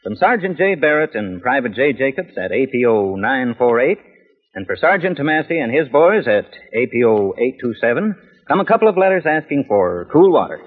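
A folksy male host on an old radio broadcast, bantering and bringing on the next song. His voice is a bit husky, rises and falls a lot, and sits high. The sound is tinny with a long ringing reverb. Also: big pitch swings, brisk. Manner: folksy, introducing songs.

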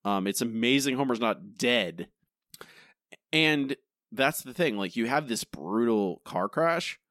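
A man's voice: mid-range voice, takes it slowly, no echo, studio quality. A man co-hosting a podcast, critiquing a TV episode in casual, emphatic talk with lots of restarts. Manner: animated, emphatic, many restarts. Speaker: podcast co-host.

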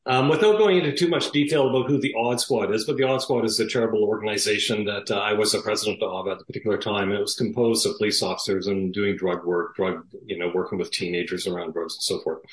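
A man, a former police detective, telling an animated story with lots of fillers and laughs. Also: lowish voice, fast talker, hardly any pauses, echoey room, low-quality recording. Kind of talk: conversational storytelling.

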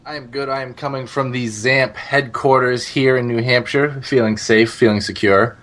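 A man's voice: medium pitch, fairly even intonation, moderate pace, a bit bright. Laid-back male podcast co-host. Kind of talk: casual podcast chat.

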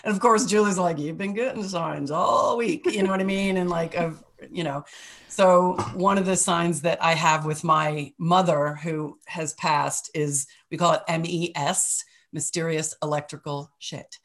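A woman's voice: fairly low pitch, fairly even intonation, unhurried. A middle-aged woman co-hosting a podcast, telling personal stories in a casual, emotional way, often laughing and swearing lightly. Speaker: podcast co-host. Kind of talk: casual storytelling chat.

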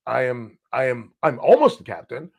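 A man co-hosting a podcast, telling personal stories in a casual, animated way and swearing freely. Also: medium pitch, normal speed, gravelly, breathy edge. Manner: animated, swears freely, acts out past conversations. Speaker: podcast co-host. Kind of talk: casual storytelling chat.

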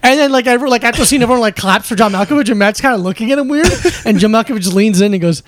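A man in casual podcast chat, eager and quick to riff and explain. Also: sits high, a bit bright, no echo.

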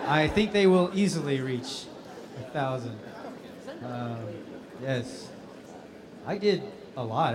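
Laughing often, a male voice actor recounts stories in animated style as a guest at a casual convention panel Q&A. His voice is mid-range, heard over background noise.

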